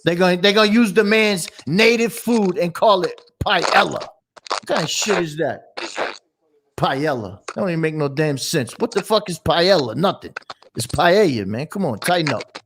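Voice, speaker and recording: A man with a high voice for a man, chatting casually. He rants with lots of slang and swearing, and his delivery jumps around with animation. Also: animated, moderate pace, background noise. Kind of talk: casual chat.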